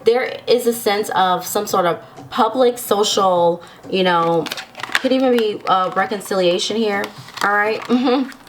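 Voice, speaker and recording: A woman's voice: mid-range voice, measured pace, slight background noise. A woman giving a casual tarot reading to viewers, chatty and giggly, often checking in with the listener. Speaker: tarot reader.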